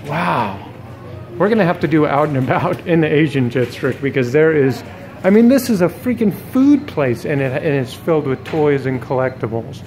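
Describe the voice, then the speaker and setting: Brief: high-pitched guy, handheld street vlog, excitable, self-scolding, swears casually. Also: moderate pace, slight background noise. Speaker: vlogger. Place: city street outdoors. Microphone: handheld camera at arm's length.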